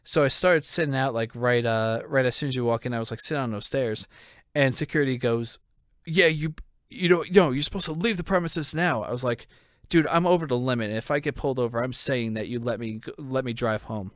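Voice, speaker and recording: A man's voice: mid-range voice, a little fast, clean tone, dry recording, clean studio sound. A man co-hosting a podcast, casually telling a long rambling story, swearing and acting out what people said. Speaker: podcast co-host. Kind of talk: casual chat.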